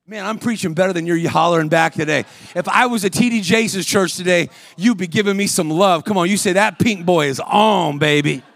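A male preacher with a high, bright voice delivers a lively sermon, calling out to the congregation and slipping into voices as he tells stories. The sound is dry and close, with no room echo. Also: quick pace, few pauses. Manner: energetic, calls out to the congregation, acts out voices in stories. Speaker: guest preacher. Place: church.

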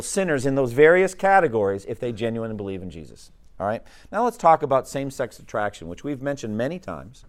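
A man's voice: medium pitch, sing-song, a little fast, few pauses. Emphatic man teaching a Bible class. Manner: conversational, emphatic, poses questions to the class.

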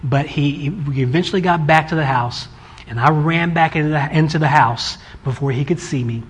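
A husky, fairly high-voiced man in his forties tells a story about his children, lively and animated. He slips into his kids' voices when quoting them. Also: normal speed. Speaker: father telling a family story. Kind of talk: casual storytelling.

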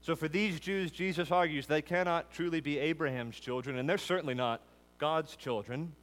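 A man preaching an expository sermon, building emphatic lists that rise and then drop low. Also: normal speed, a bit bright. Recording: long hall reverb.

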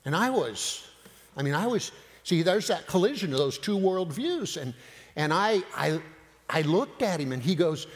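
A man preaching, telling a personal story with animated retelling of dialogue. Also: high voice, moderate pace. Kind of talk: sermon storytelling. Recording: long hall reverb.

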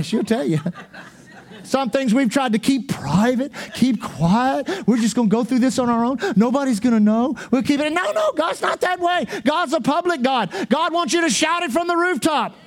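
A male pastor preaching a fervent sermon, driving points home with repetition and bursts of shouting. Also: very high voice, lively intonation, normal speed.

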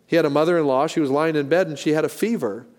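Pastor preaching in a reverberant hall. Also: male voice, fairly high pitch, fast, darkish tone. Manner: folksy, joking storytelling with frequent restarts. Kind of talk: sermon.

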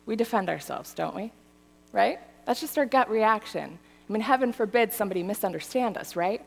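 A woman's voice: mid-range voice, fairly quick, gravelly, big-room sound. A woman preaching a sermon in a conversational way, often checking in with her listeners. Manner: animated, conversational, often asks the audience "right?" and "okay?". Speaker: pastor.

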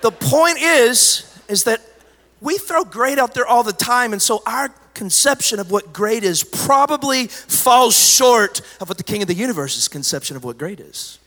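Animated preacher in a reverberant hall. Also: male voice, very high voice, moderate pace. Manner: animated, swings from loud preaching to quiet storytelling. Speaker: pastor. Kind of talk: sermon. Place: church sanctuary. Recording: live church hall with long reverb.

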